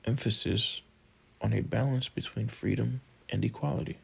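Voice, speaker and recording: Male textbook audiobook narrator, measured delivery, heavy vocal fry, husky tone. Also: mid-range voice, fairly even intonation, low-quality recording. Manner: slow, measured reading of list items.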